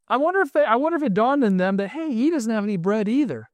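A man's voice: very high-pitched, quick pace, few pauses, no echo, studio quality. A man preaching a sermon in a conversational way, often asking his listeners questions and telling stories. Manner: conversational, asks the audience questions, animated storytelling.

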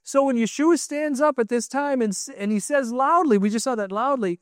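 A middle-aged man teaching a sermon in an animated way, often restarting and repeating words and raising his voice for quoted lines. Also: extremely high pitch, normal speed, few pauses, clean tone, no room sound, clean studio sound.

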